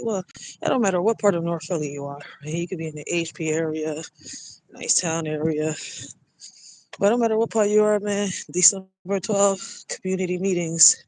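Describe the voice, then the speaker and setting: A woman's voice: mid-range voice, no echo, low-quality recording. A single mother livestreaming on her phone as she walks a cold city street, chatting loosely and swearing freely at her viewers. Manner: loose, chatty and profane, addressing viewers directly. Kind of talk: casual livestream chat while walking.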